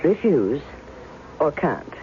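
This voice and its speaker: An actress playing a guarded, sharp-tongued woman who doubts a man claiming to be her husband, in 1970s radio drama style. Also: deep voice, big pitch swings, slow, slight background noise, heavily acted. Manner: cool, cutting. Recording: thin phone-like old radio broadcast with faint music.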